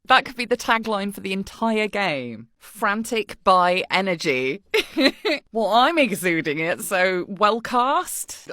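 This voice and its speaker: A slightly husky woman, chatting playfully from a recording booth, swearing and mocking herself as she goes. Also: mid-range voice, expressive, a little slow, a bit bright, dry recording, studio quality. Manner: playful, sweary, self-mocking, laughs often.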